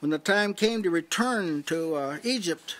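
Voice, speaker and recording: A man preaching in a relaxed teaching style at a small house church, often checking in with "see?" and restarting his sentences. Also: fairly high pitch, measured pace. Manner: conversational teaching, frequent "see?" asides and restarts. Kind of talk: sermon.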